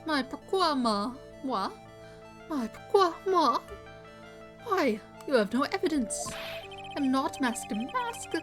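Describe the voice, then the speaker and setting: A woman's voice: high voice, big pitch swings, takes it slowly, long pauses, fairly bright tone, exaggerated voice. A woman voicing a flamboyant middle-aged male French chef with a fake French accent, theatrical and indignant, over game music. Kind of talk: reading game dialogue aloud on stream.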